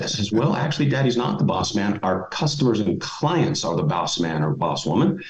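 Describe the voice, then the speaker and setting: A man's voice: lowish voice, animated, normal speed, slight background noise. A middle-aged man giving motivational advice as a podcast guest, emphatic and folksy. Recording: roomy, dull lo-fi audio.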